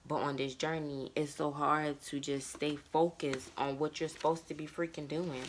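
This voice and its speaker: A woman's voice: low voice, level tone, moderate pace, a little hiss or hum. A woman in her thirties talking candidly and emotionally about her life in a personal vlog monologue. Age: 30s. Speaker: vlogger.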